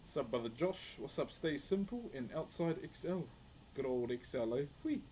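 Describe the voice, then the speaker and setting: With a warm, medium-pitched voice and lively intonation, a New Zealand man talks at a moderate pace to viewers while carving wood on a live stream. He's easygoing and chatty, calling everyone bro, and there's slight background noise.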